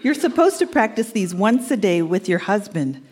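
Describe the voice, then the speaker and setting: A woman's voice: medium pitch, sing-song, moderate pace, a little mellow, husky. A woman in her sixties reading her old love letters aloud on stage, fond and teasing. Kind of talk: reading aloud to a live audience. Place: live event stage.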